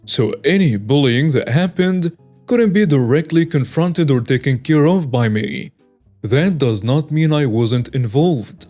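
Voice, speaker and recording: A man narrating online stories in a plain, steady reading voice. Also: medium pitch. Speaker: story narrator.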